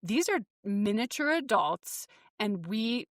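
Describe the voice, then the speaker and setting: Brief: woman host, conversational, mid pitch, dry close sound. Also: slow pace, no echo. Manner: relaxed, conversational questions. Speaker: podcast host. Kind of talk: interview.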